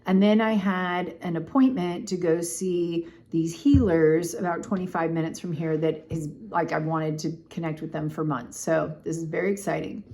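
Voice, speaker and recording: A middle-aged woman chatting casually to camera, telling a personal story in an animated way, with lots of "like" and "oh my gosh.". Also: on the low side, moderate pace, hardly any pauses. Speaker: vlogger.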